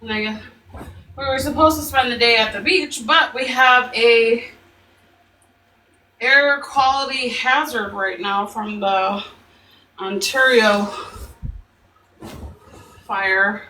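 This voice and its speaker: A woman in her thirties chatting on a live stream from her workplace, laid-back and unhurried. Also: fairly high pitch, fairly even intonation, pushed and bright. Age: 30s. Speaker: livestream guest. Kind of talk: casual chat on a live stream. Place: at her workplace, in an empty room. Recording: echoey room, distant from the mic, faint noise.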